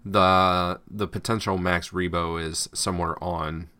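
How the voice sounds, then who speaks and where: A man with a very low voice co-hosts a casual podcast chat. He wanders through his thoughts, filling gaps with "uh" and "like" and restarting his sentences. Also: fairly even intonation, unhurried, sharp tone. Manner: rambling, hesitant with many fillers. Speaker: podcast co-host.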